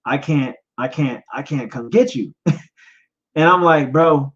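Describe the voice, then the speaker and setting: A man in his thirties, a podcast host telling his own story in a personal testimony, emotional and halting, repeating himself and fighting back tears. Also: fairly high pitch, a bit bright, muffled recording. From United States. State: choked up, near tears. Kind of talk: personal testimony, live stream talk.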